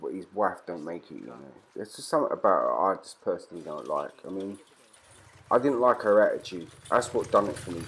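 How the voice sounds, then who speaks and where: Rowdy, foul-mouthed British gamer. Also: male voice, lowish voice, slight background noise. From Britain. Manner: profane, rowdy trash talk. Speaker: gaming channel host. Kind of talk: let's play commentary.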